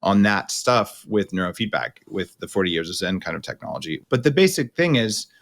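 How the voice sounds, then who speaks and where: A podcast host with a fairly low male voice. He talks bluntly and emphatically, mixing casual slang into his coaching advice. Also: animated, a little fast, vocal fry, fairly bright tone. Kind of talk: coaching conversation.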